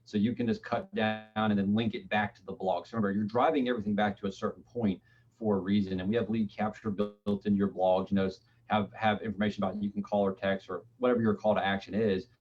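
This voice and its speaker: A man's voice: lowish voice, level tone, fast talker. A man explaining digital marketing as a webinar guest, speaking loosely with frequent restarts. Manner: loose, restarts often, uses filler phrases. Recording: dull lo-fi audio.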